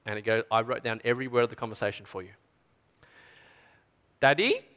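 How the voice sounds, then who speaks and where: A middle-aged man with an Australian accent preaching a storytelling sermon to a youth event, chatty and animated, often checking in with "right?". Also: lowish voice, very fast, clear, resonant tone. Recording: long hall reverb.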